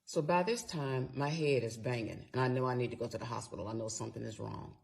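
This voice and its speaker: A middle-aged woman tells a personal story candidly and conversationally, swearing freely as she replays her side of an argument. Her voice is very deep and creaky, and she talks fast.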